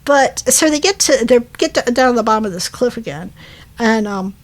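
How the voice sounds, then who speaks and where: Woman on a podcast rambling thru a movie plot, kinda high voice, lots of ums. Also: lively intonation, moderate pace. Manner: rambling, lots of fillers and self-corrections, laughing asides. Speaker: podcast co-host. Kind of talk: casual movie recap chat.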